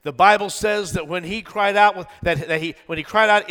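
A middle-aged male pastor preaching a sermon, dramatic, swinging from shouts to hushed tones. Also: high voice, a little fast, in a large hall.

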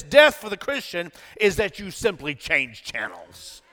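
A middle-aged male pastor preaching a sermon, dramatic, swinging from shouts to hushed tones. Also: high-pitched, wildly swooping pitch, unhurried, few pauses, in a large hall.

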